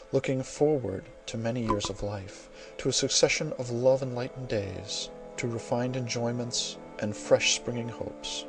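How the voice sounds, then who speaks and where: A proud, fiery general , voiced by an audiobook reader, declaims his passionate vows in grand, sweeping oaths. The voice is low and gravelly. Faint music plays under the reading. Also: low-quality recording. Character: proud, fiery male general, raging and vowing.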